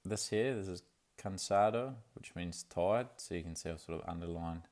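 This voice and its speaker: A man's voice: sits low, moderate pace, a little mellow. A young man, talking in a laid-back, rambling way for his video diary, full of fillers and restarts. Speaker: vlogger.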